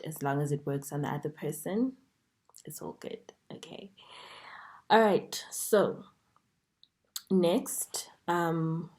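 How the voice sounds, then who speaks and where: A woman teaching an online masterclass in a chatty way, checking in with "okay?" and dropping into soft whispers at times. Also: sits low. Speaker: dating coach.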